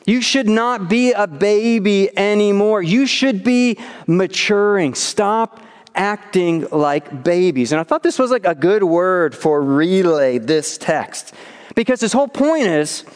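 A man's voice: sits high, clean tone. A young man preaching, reading scripture and then talking casually with stories from childhood. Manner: casual storytelling, acts out whiny child voices. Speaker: youth pastor. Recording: reverberant hall.

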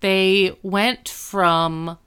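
A woman's voice: medium pitch, fairly even intonation, very slow, fairly bright tone, clear, resonant tone. A young woman co-hosting a podcast, chatting casually and filling her talk with "like" while recapping a TV episode. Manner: chatty, many "like" fillers. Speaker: podcast co-host.

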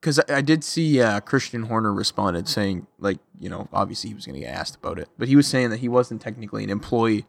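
A man's voice: fairly low pitch, quick pace, vocal fry, few pauses. A man hosting a casual motorsport podcast, talking loosely with lots of "like" and "you know". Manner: loose, chatty, lots of likes. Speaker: podcast host.

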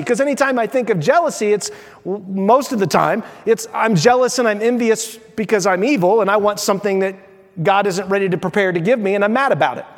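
A man preaching a sermon as pastor, telling the story with lively mock voices. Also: sits high. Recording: long reverb of a large hall.

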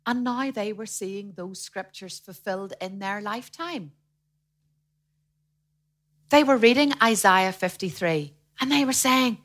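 A woman preaching a sermon in a lively way, acting out the voices of the people she quotes. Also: fairly high pitch, unhurried. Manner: animated, acts out quoted voices.

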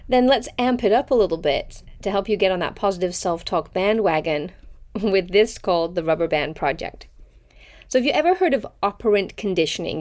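A woman's voice: medium pitch, darkish tone. A woman hosting a self-help podcast, talking in an upbeat, encouraging way and laughing often. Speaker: podcast host.

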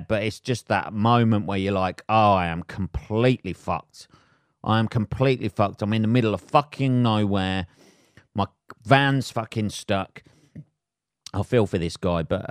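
A man's voice: lowish voice, smooth, no room sound, studio quality. Sweary man ranting on a podcast. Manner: sweary, laughs at his own jokes, acts out voices. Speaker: podcast host. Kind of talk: solo comedic podcast rant.

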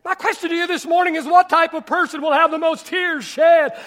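A male pastor preaching a sermon, repeating phrases for emphasis, shouting some lines and dropping others to a near murmur. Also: very high-pitched, fairly even intonation, brisk.

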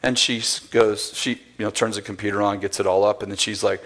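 A man's voice: on the low side, little pitch movement, a little fast, a bit bright. A man preaching a sermon, telling a story with acted-out dialogue and bursts of laughter. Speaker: pastor.

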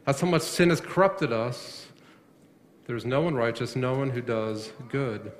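A pastor preaching a sermon, asking his congregation questions and rising sharply in pitch to stress a point. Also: animated, measured pace, a little hiss or hum. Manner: asks the congregation questions, rises sharply on emphasis. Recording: long reverb of a hall.

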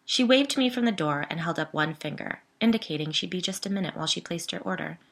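A woman telling her own story in a conversational, wry manner. Her voice sits a little low but sounds bright and crisp, with easy, self-aware asides. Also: expressive, fast talker. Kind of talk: first-person story narration.

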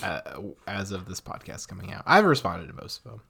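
A man's voice: sits low, big pitch swings, fairly quick, creaky, pushed and bright, slightly rough. A man co-hosting a casual chat podcast, laid-back with dry asides. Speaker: podcast co-host.

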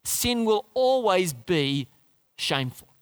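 A man preaching a sermon in a lively, conversational way, often asking the congregation questions. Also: high voice, slow pace, clean tone, dry recording. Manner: lively, conversational, asks the crowd questions, restarts.

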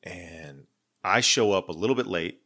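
A man's voice: low-pitched, measured pace, sharp tone, breathy edge. A man in his forties, co-hosting a podcast, telling a story in casual chat, acting out the voices in what people said and swearing freely. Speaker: podcast co-host.

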